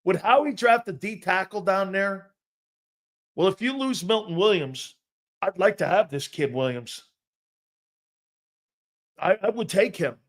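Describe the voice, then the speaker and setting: A man hosting a live sports talk show, loud and jokey, talking straight to his viewers. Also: sits high, lively intonation, unhurried, pauses often. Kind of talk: live-stream sports talk reading chat.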